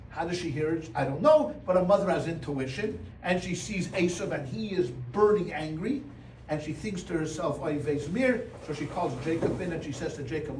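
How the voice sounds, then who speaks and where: A man, a rabbi, teaching a Torah class to a small audience in lively storytelling style, acting out voices with Yiddish exclamations and humor. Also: on the high side. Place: room with a live audience. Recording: roomy sound from a distance, faint room noise.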